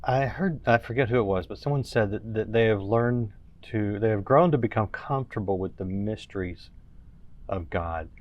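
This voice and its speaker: A man with a somewhat low voice, hosting an interview and working through his thoughtful questions in halting starts. The sound is a bit dull and muffled. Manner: thoughtful, halting, with many restarts. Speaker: host. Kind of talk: interview conversation.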